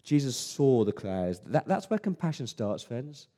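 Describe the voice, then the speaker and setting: A man's voice: medium pitch, big pitch swings, measured pace, dark tone. A man preaching a sermon as pastor, earnest and emphatic, often restarting his words.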